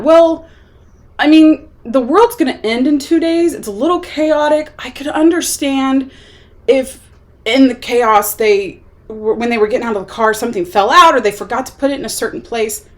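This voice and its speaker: A young woman vlogging a casual movie review, rambling and chatty with lots of filler words. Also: fairly high pitch. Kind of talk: casual chat.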